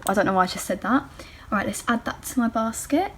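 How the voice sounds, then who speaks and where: A woman's voice: a little high, animated, brisk, fairly bright tone, a little hiss or hum. A teenage girl, chatting casually in a beauty vlog at home, rambling and joking at herself. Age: teens. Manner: chatty, rambling, self-mocking. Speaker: beauty vlogger.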